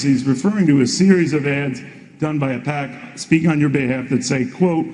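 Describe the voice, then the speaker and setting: A male moderator pushing candidates for answers and cutting in when they dodge. His voice is mellow and somewhat raised in pitch. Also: brisk, low-quality recording. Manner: pressing, interrupting. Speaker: debate moderator. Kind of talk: moderating questions.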